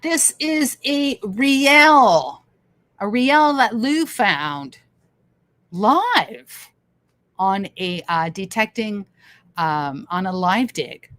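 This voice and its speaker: Extremely slow yet lively in intonation, this mid-range, fairly bright voice belongs to a Canadian livestream host. She enthusiastically reads viewer comments aloud on a casual stream, laughing a lot and repeating phrases.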